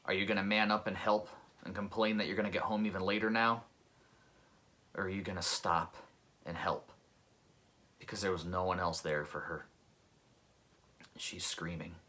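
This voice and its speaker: A man's voice: low-pitched, steady tone, normal speed, long pauses, bright, forceful tone. A man, a pest control technician, telling a personal story in an earnest, reflective, conversational way.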